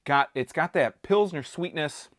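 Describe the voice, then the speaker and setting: A man's voice: on the high side, a little slow, a bit bright, dry recording, clean studio sound. A man reviewing a beer in a casual vlog, chatty and jokey, rambling with frequent restarts.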